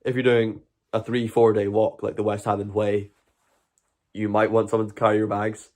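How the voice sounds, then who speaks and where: A man's voice: fairly low pitch, flat delivery, moderate pace, a little mellow. A Scottish man hosting a live stream, chatting earnestly and rambling to his viewers. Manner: earnest, rambling, talks to chat. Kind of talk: casual live stream chat.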